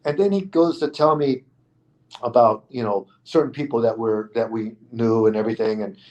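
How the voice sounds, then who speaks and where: A middle-aged stuntman guest tells an animated, relaxed anecdote on an interview show, playing out the other people's lines as he speaks. His mid-pitched voice moves at normal speed, with the high frequencies cut off in the recording.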